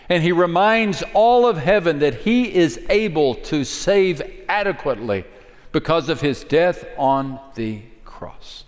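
A man preaching a sermon. He swings from strong, rising declarations down to hushed, near-whispered phrases. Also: a little high. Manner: dynamic preaching, dropping to a hush for key lines. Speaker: pastor. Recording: hall reverb.

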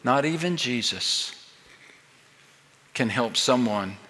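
An older man delivers a sermon in a bright, forceful voice, driving home his point with pointed rhetorical questions. His slow, deliberate preaching rings out with a long reverb, as in a large church sanctuary. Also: medium pitch, expressive. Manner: emphatic, building rhetorical questions. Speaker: pastor.

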